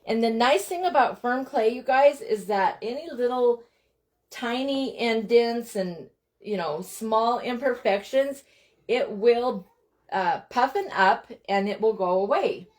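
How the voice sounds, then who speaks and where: A woman's voice: fairly high pitch, animated, takes it slowly. Middle-aged woman, live craft host, chatty, keeps saying "you guys", greets viewers, home craft room. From Montana.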